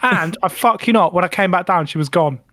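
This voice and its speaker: Brief: male co-host, lively raconteur, swears a lot, a touch high, dry close sound. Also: brisk, dry recording. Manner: animated, swears freely, acts out his own reactions. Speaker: podcast co-host. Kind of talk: casual storytelling banter.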